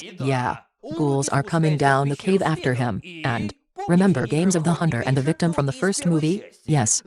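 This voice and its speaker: A film reviewer giving sarcastic, mocking scripted narration in slightly broken English. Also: medium pitch.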